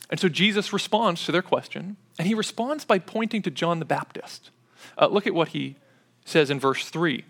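A man delivers an expository sermon in a relaxed, conversational teaching tone. His voice sits noticeably high for a man. He works through each point step by step, pausing often and filling gaps with small hesitations. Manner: conversational, explaining step by step with frequent pauses and fillers. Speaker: preacher.

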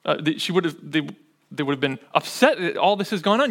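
Delivering a sermon as pastor, this man speaks a little fast in a fairly high, expressive voice with a bit of brightness. He talks conversationally and checks in with his audience often with a frequent "right?"

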